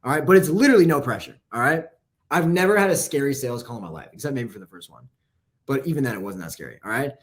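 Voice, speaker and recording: A man's voice: medium pitch, expressive. A man coaching copywriting in a casual, profane live lesson. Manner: casual, profane, fast-talking.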